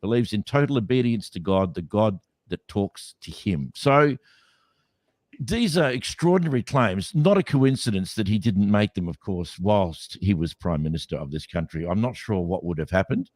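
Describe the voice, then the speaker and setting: A man's voice: lowish voice, animated, moderate pace, darkish tone, dry recording. A man co-hosting a podcast, talking skeptically in a casual debate with many restarts. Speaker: podcast co-host.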